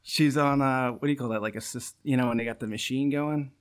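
A man's voice: mid-range voice, fairly even intonation, a little fast, clear, resonant tone. Rambling, laughing podcast co-host man. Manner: laughs often, rambling storyteller. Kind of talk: casual podcast chat.

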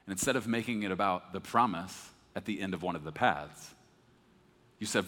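A man preaching a sermon in a conversational, animated way, acting out the scripture he reads. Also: low-pitched, moderate pace. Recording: echoey hall.

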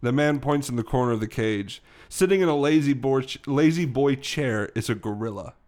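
A man's voice: mid-range voice, moderate pace, a little mellow. A man narrating a tabletop role-playing game as game master, casual and self-correcting.

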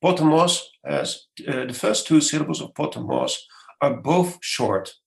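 A gravelly man explains his field in an interview, taking his time. He lectures patiently, with frequent "uh"s and restarts as he searches for words. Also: medium pitch, huge pitch swings, poor audio. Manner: measured, lecturing, many hesitations. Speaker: scholar guest.

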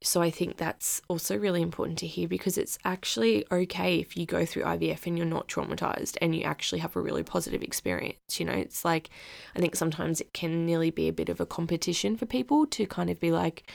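Low, gravelly-voiced woman host. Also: fairly even intonation, fast talker, no room sound, clean studio sound. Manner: thoughtful, reassuring, many fillers. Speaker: podcast host. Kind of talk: casual interview chat.

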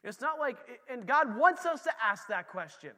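A man preaching a casual sermon as pastor, animated and talking straight to the congregation. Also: very high voice, normal speed, big-room sound.

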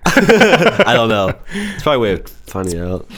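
Dry-humored young co-host. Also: male voice, medium pitch, huge pitch swings, unhurried, a bit bright. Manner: dry, teasing, short quips. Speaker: guest co-host. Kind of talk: casual chat.

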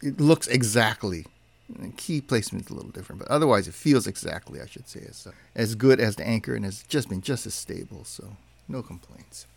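A man chats casually about gadgets as a podcast co-host, his voice gravelly and his pitch bouncing around a lot. He rambles and restarts his sentences with plenty of fillers. The sound is dry and close. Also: expressive, brisk, darkish tone, no room sound. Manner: chatty, rambling, self-correcting with many fillers. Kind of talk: casual tech chat.

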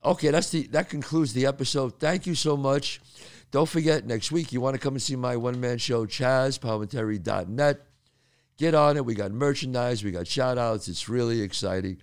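An older man hosting a casual talk show, an animated storyteller who swears freely. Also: medium pitch, normal speed, dry recording, clean studio sound. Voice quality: gravelly. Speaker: podcast host. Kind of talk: casual chat.

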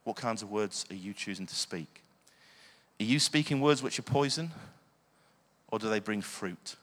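Man, earnest sermon delivery, lowish voice, hall reverb. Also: expressive, moderate pace, fairly bright tone. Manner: earnest, asks the listeners questions. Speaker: preacher.

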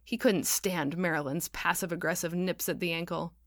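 A woman's voice: fairly low pitch, steady tone, normal speed, no room sound. Woman author reading her audiobook, wry, dry close sound. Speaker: author narrating own novel. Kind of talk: audiobook narration.

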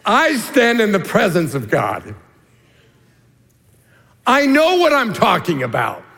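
A man's voice: high-pitched, huge pitch swings, slow pace, creaky, fairly bright tone, big-room sound, exaggerated voice. A man voicing a stern, commanding male angel messenger while preaching a sermon. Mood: proclaiming.

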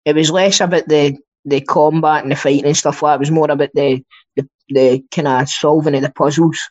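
A man's voice: on the high side, steady tone, fairly quick, a little mellow. A Scottish man co-hosting a podcast in casual chat, rambling and swearing freely. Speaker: podcast co-host. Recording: dull lo-fi sound.

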